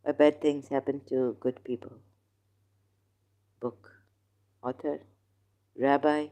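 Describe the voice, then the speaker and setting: Host for a slow, argumentative solo commentary; non-native English, mellow low-key tone. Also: flat delivery. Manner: rambling, argumentative, questions the listener. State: in neck pain, groaning. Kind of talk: casual religious commentary monologue.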